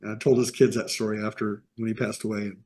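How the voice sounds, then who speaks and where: Speaking fast in a fairly low, dark voice with a level tone, the Midwestern interview guest, a middle-aged animation artist, spins rambling stories with quoted voices during a casual chat over video call.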